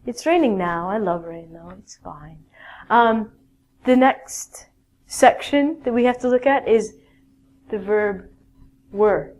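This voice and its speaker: Slow, clear-speaking woman teacher. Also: medium pitch, darkish tone. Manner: slow, clear teaching with many "okay?" checks. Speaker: English teacher. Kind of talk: classroom grammar lesson.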